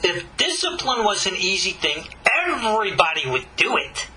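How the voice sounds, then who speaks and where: A man, a rabbi, teaching a Torah class in an emphatic lecturing style with long dramatic pauses and rhetorical questions. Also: high voice, very animated, pushed and bright, slight background noise, low-quality recording.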